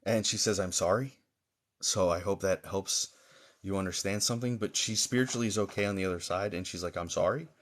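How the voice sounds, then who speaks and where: This psychic medium, a man with a somewhat low voice, leads a reading broadcast live online. His speech stops and starts as he feels his way along, packed with fillers and pauses, and he reassures his viewers kindly.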